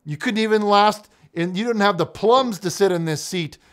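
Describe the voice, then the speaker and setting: A man's voice: sits high, normal speed. A man hosting a comedic call-in show, blustery and mocking, often parroting his caller. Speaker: host.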